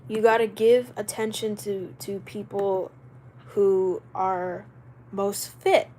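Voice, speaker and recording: A young woman chatting loosely on a live stream in a rambling, animated way, with reactions to viewers' comments. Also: medium pitch, takes it slowly, poor audio. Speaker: livestreamer. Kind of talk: casual live-stream chat.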